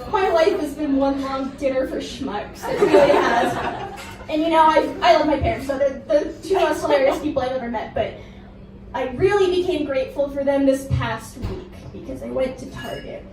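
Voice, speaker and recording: A woman's voice: sits high, normal speed, crowd noise, background noise. A young woman doing a stand-up comedy set, chatty and self-deprecating, often laughing through her lines. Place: performance venue with audience. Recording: echoey room from far off.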